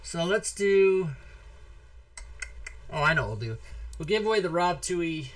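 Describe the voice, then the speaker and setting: A man in his forties hosting a casual talk show, telling stories in an animated, profane way. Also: high-pitched, a little slow. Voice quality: animated, profane, shouts when reenacting. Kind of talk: casual storytelling and giveaway.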